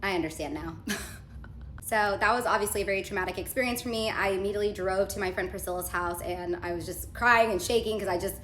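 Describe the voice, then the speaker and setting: A woman's voice: mid-range voice, fast talker, fairly bright tone, roomy sound, slight background noise. Chatty woman telling a dramatic story. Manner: chatty, dramatic retelling with quoted texts. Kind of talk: casual storytime vlog.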